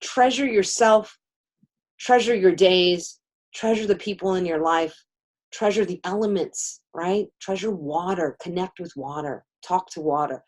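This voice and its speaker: A woman co-hosting a casual spiritual chat show, rambling and animated, with swearing and offhand asides. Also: lowish voice, unhurried. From San Francisco area. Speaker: co-host, card reader.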